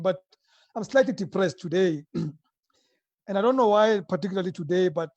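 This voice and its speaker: Male talk show host, high voice, earnest and reflective. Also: moderate pace, a little mellow, dry recording. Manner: opens with a told joke, earnest and reflective. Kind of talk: live talk show hosting.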